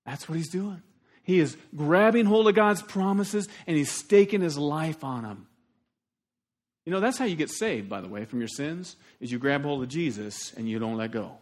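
A man preaching a sermon as pastor, animated and shifting between loud emphasis and quiet asides. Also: fairly high pitch, normal speed.

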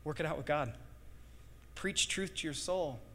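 Fervent pastor preaching in an echoing hall. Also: male voice, fairly high pitch, unhurried, slight background noise. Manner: impassioned, swings from hushed to loud bursts. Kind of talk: sermon. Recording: long hall reverb.

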